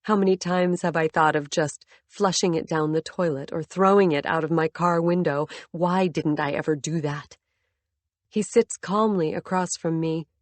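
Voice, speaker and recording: Low-voiced woman narrating an audiobook. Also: moderate pace, no room sound. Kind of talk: first-person audiobook narration.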